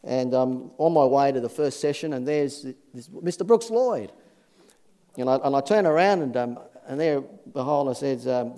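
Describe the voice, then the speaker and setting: Man, pastor, earnest sermon, uh-filled restarts, warm tone. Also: mid-range voice, normal speed.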